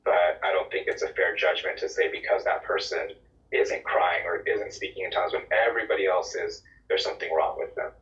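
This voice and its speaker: Low-voiced man, distant lo-fi sound. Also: steady tone, brisk, fairly bright tone. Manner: earnest, storytelling, repeats words when starting. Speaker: podcast co-host. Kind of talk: reflective faith talk.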